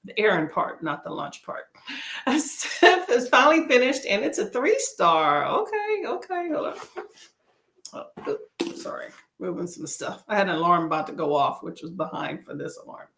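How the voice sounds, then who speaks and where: A woman's voice: mid-range voice, wildly swooping pitch, moderate pace, fairly bright tone, slight background noise. Upbeat chatty woman, roomy sound. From Texas, USA. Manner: chatty, upbeat, reads viewer comments aloud. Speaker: livestream host. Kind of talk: casual live chat during reading sprints.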